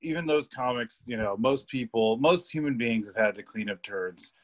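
A young man chatting as a podcast guest, his voice sitting in an ordinary middle pitch. He rambles loosely, stacking fillers, laughing mid-sentence and swearing casually as he tells stories. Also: moderate pace. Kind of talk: casual storytelling chat.

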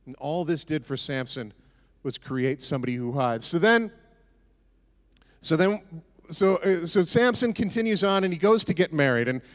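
A man's voice: a little high, expressive, fairly quick, a bit bright. A man preaching a casual, conversational sermon with sarcastic, joking asides. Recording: echoey hall reverb.

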